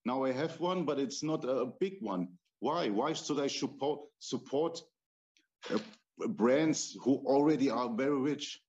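A man from Turkey, a podcast guest, chatting earnestly in halting English with many restarts and easy laughter. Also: medium pitch, darkish tone. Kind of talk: casual interview chat. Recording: dull lo-fi remote audio.

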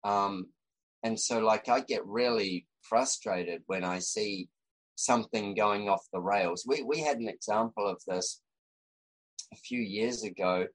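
Australian man, low voice, rambling, casual storytelling, fillers and restarts. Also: unhurried, poor audio. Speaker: guest, designer.

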